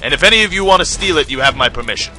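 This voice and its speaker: Brief: young guy narrating his game run, dry humor, bright higher voice. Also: rapid-fire, soft background music. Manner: wry, self-deprecating, deadpan asides. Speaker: gameplay commentator. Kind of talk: casual let's play commentary.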